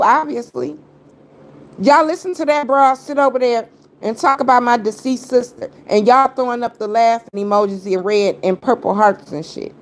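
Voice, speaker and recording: A woman livestreaming an angry rant at her critics, confrontational and taunting, repeating her jabs in heavy slang. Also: a little high. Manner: heavy slang, talks straight at viewers.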